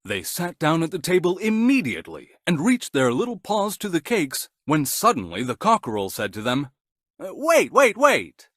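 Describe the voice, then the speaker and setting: A man narrates a scripted bedtime story for children with gentle, animated storytelling. His voice sits slightly high and rises and falls very widely. The sound is dry and close. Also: normal speed, few pauses, dry recording.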